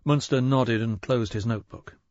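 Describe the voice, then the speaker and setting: A man narrating a mystery audiobook in a measured, even storytelling manner. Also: mid-range voice, no echo, lo-fi sound. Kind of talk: scripted narration.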